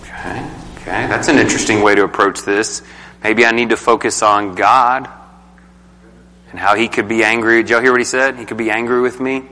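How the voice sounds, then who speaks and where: A man's voice: fairly low pitch, fairly even intonation, brisk, pushed and bright, long reverb tail. Emphatic man leading a Bible study. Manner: casual, emphatic, asks the group questions.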